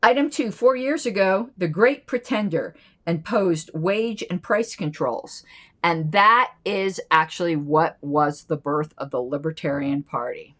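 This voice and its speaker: A woman's voice: on the low side, a little slow, a bit bright. A woman hosting a political commentary channel, reading an old newsletter aloud and breaking off into chatty, playful side remarks.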